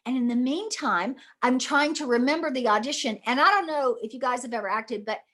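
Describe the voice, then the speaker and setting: A woman's voice: high-pitched, a little fast, fairly bright tone. A middle-aged actress telling a story in an interview, acting out her own past voice and reactions. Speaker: guest actress.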